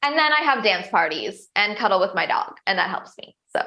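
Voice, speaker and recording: A woman's voice: medium pitch, sing-song, measured pace, pushed and bright. A young woman coach answering interview questions in a chatty, upbeat way, full of restarts and filler words. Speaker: coach and show host.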